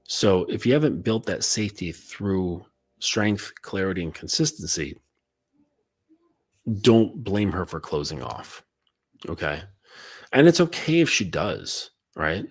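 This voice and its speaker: A man's voice: low-pitched, big pitch swings, measured pace, breathy edge. A man acting as a coach, giving a casual instructional monologue in a loose, conversational way and checking in often with "okay?".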